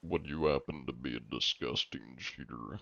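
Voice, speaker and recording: A man's voice: a bass voice, moderate pace, creaky, fairly bright tone, no room sound, voice pushed down, exaggerated voice. A man playing an officious male anti-cheat inspector with a mock-polite, formal manner, heard through dull lo-fi stream audio. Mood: mock-official.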